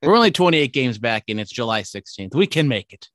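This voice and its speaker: A man co-hosting a casual sports talk show, running through scores and records with wry, upbeat energy. His voice is mid-pitched and sounds dry and close, with no room around it. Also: sing-song, a little fast, no room sound. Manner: upbeat, wry, jumps between stats and jokes. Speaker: podcast co-host.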